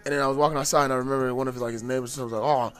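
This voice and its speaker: A man's voice: medium pitch, racing, smooth, soft background music. A young man from the United States telling a story in a casual, profane, heated way. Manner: profane, heated, animated retelling.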